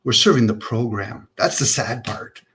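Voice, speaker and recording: Over an online call, this livestream host muses casually on philosophy, asking question after rhetorical question. He speaks at a normal speed in a mid-range, fairly bright voice, and there's a slight hiss or hum on the audio.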